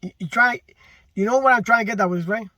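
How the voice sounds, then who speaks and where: Man, very high voice, bright tone, slow deliberate rant, frustrated, repetitive. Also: a little hiss or hum. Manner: frustrated, repetitive, emphatic complaining. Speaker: delivery driver. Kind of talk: casual vlog rant.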